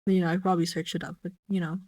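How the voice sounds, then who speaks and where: A woman's voice: lowish voice, flat delivery, racing, a little mellow, no room sound. A woman streamer chatting casually with her viewers, musing aloud and repeating a word over and over to test how it sounds. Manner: chatty with viewers, light swearing. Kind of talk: casual livestream chat.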